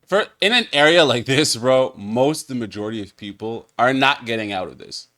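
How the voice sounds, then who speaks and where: A man giving casual reaction commentary with animated, joking asides full of slang. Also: mid-range voice, normal speed.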